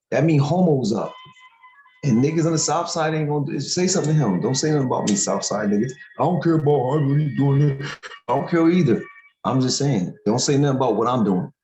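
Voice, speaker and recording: A man's voice: medium pitch, a little mellow. A man from Syracuse, hosting a podcast in a blunt, profane, rambling street-talk manner. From Syracuse, New York. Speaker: podcast host. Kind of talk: casual podcast rant. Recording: echoey room.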